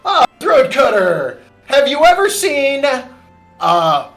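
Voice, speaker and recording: A man voicing a huge, jovial male warrior chief in armor during a tabletop game, talking in a hearty, booming way. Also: wildly swooping pitch, takes it slowly, a bit bright, soft background music, heavily acted. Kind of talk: tabletop game role-play. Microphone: online voice call.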